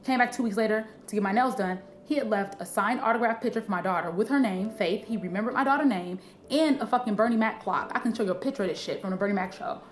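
A woman comedian from Illinois, telling a story in animated, profane casual chat. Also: mid-range voice, fast, few pauses, reverberant, slight background noise. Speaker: comedian guest.

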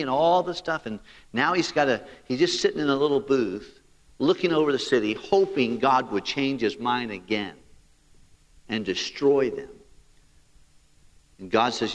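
A man's voice: medium pitch, lively intonation, moderate pace. Preaching man in a reverberant hall. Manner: preaching with rising emphasis and direct appeals. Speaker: pastor. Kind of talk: sermon.

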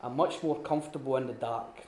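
A man giving an informal teaching talk at a retreat, telling stories with lively restarts and acted-out quotes. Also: medium pitch, fairly quick, slight background noise. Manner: animated storytelling with many restarts and acted-out quotes. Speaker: retreat speaker. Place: room at a retreat. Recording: echoey room.

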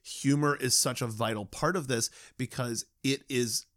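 A man's voice: mid-range voice, steady tone, moderate pace, fairly bright tone. Male host, thoughtful conversational interviewer, mid-range voice. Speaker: podcast host. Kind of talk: casual interview chat.

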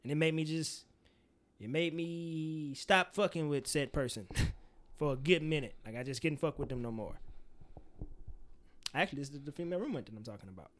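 A man's voice: fairly high pitch, normal speed, pauses often. A young man co-hosting a casual podcast, talking through friendship advice candidly and animatedly, swearing freely and acting out quoted lines. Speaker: podcast co-host.

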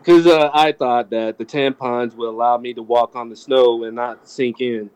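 A man's voice: mid-range voice, moderate pace, smooth. A man co-hosting a podcast, telling casual stories, stammering and restarting, acting out what friends said. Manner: animated, laughing, acts out quoted friends. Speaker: podcast co-host. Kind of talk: casual storytelling chat.

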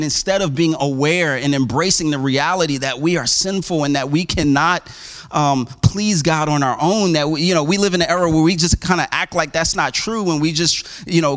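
Pastor, male, high-pitched, casual and conversational sermon delivery with restarts, breaks into animated impressions of quoted speakers. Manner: conversational preaching with many restarts and asides; acts out quoted voices with big pitch jumps.

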